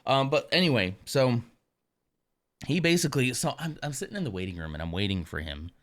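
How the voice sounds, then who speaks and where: A man's voice: mid-range voice, animated, brisk, fairly bright tone, no echo. A man streaming live, chatting candidly and rambling with asides about his day. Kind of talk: casual chat.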